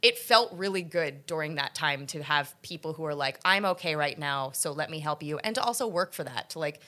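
A woman guest chatting casually in an interview, animated, laughing often and full of fillers. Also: low voice, a little fast. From United States. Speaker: podcast guest.

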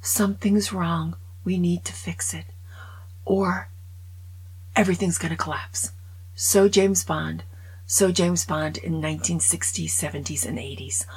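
A woman's voice: on the low side, steady tone, a little slow, darkish tone, breathy edge, rough recording. A woman chatting casually in her own video movie review, opinionated and dropping often into whispers.

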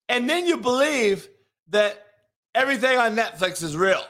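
A vlogger from Compton, California, USA, rants crudely and mockingly in a commentary vlog, loud and laughing at his own jokes. His voice is very high-pitched and very animated, at a moderate pace.

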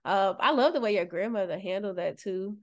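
A woman co-hosting a casual podcast chat, talking reflectively, often pausing to hunt for the right word. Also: medium pitch. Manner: reflective, searches for words, laughs softly. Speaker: podcast co-host.

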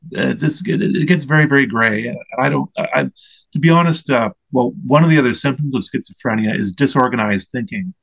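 A man in his forties speaks as an interview guest, at an ordinary middle pitch. He recounts his own experience earnestly and reflectively, pausing to search for the right words. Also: vocal fry, a bit bright, rough recording. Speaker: interview guest, mental health advocate. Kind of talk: personal storytelling in an interview.

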